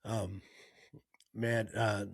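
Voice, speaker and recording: Gravelly man recapping casually. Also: fairly low pitch, level tone, very slow, no echo. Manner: rambling, full of fillers and restarts. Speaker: podcast host.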